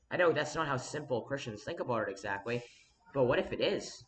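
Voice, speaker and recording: A man's voice: medium pitch, animated, a little fast. A man in a rambling to-camera monologue, earnest and insistent, talking straight to the viewer and jumping between thoughts with restarts. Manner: rambling, restless, frequent restarts and sudden emphatic jumps. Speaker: vlogger.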